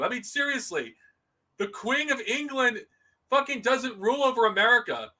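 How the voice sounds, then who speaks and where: High, bright-voiced man ranting angrily. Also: expressive, normal speed. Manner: profane angry ranting with stammered restarts. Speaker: streamer. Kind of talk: solo live-stream rant.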